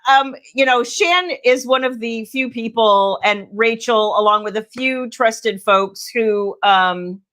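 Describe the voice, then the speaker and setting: A woman's voice: fairly high pitch, takes it slowly, hardly any pauses, fairly bright tone. A middle-aged woman, a romance author, chatting casually on a livestream with rambling asides to viewers. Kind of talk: casual live chat.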